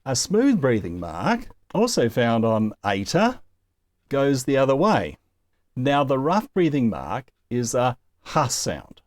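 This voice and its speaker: Slow, lively-voiced man teaching Greek. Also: medium pitch, no room sound, studio quality. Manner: patient, explains step by step with small laughs. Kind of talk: recorded language lesson.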